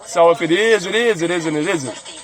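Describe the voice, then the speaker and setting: A man with a high voice hosts a podcast at normal speed, rambling loosely through a monologue full of heavy swearing and frequent laughter. It was recorded on a phone, with music playing in the background.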